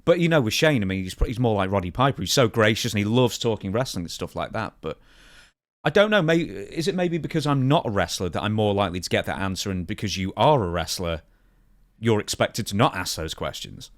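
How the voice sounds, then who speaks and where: A man's voice: fairly low pitch, animated, a little fast, dry recording, studio quality. A man co-hosting a podcast, chatting casually in a polite, somewhat hesitant way. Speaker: podcast co-host. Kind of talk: casual chat.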